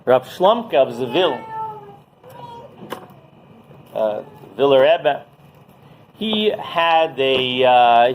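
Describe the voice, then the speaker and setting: A man teaching as a rabbi, telling a story in a lively way and often asking "right?" as he goes. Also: mid-range voice, a little hiss or hum, poor audio. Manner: animated, keeps asking "right?". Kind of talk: Torah class storytelling.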